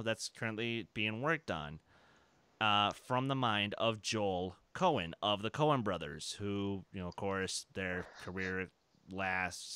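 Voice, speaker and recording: A man's voice: on the low side, pushed and bright, clear, resonant tone, no echo. A man hosting a casual podcast chat, talking enthusiastically in long rambling stretches and laughing often. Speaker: podcast host.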